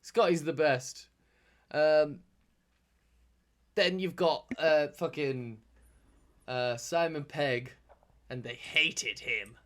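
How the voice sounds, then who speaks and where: A man's voice: on the high side, extremely slow, long pauses, a bit bright. A man co-hosting a podcast, chatting casually, rambling with restarts and casual swearing. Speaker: podcast co-host. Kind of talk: casual chat.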